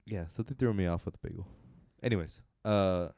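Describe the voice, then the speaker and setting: A man's voice: low-pitched, a little fast, vocal fry, darkish tone, no echo, clean studio sound. A man co-hosting a casual movie review podcast, teasing his friend and often trailing off mid-sentence. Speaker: podcast co-host.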